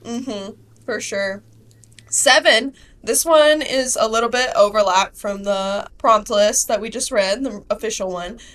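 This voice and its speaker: A woman's voice: on the high side, measured pace, fairly bright tone. Chatty woman hosting a podcast. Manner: chatty, laughs easily. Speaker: podcast host. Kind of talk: casual chat.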